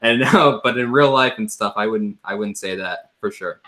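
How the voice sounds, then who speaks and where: A man's voice: on the low side, normal speed, pushed and bright. A man hosting a casual podcast, joking around, laughing often and filling gaps with "um". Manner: laughs a lot, loose and joking, many fillers. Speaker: podcast host. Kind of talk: casual chat about sim racing.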